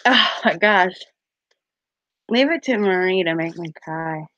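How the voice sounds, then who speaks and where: Low-voiced giggly woman streamer. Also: lively intonation, unhurried, fairly bright tone, no echo, dull audio. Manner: giggly, chatty, with lots of fillers. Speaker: live-stream card reader. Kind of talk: casual live-stream chat.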